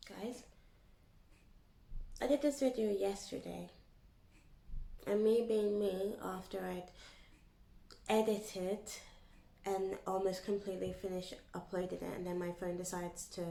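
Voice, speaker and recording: A young woman chatting casually to her vlog audience in an animated, storytelling way. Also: mid-range voice, takes it slowly, creaky, long pauses. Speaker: YouTuber. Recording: echoey room.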